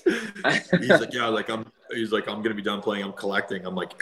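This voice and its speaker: Man, 30s, deep but bright, chatty storyteller full of fillers, roomy echo. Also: big pitch swings, fast talker. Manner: chatty, laughs often, many "like" fillers. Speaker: guest, former hockey player. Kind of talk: casual storytelling.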